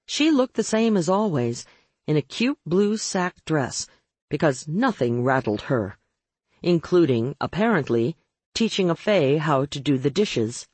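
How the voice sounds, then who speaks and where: A woman's voice: low-pitched, very animated, unhurried, darkish tone, slightly rough, no echo. A woman reading a first-person audiobook with wry, sardonic narration.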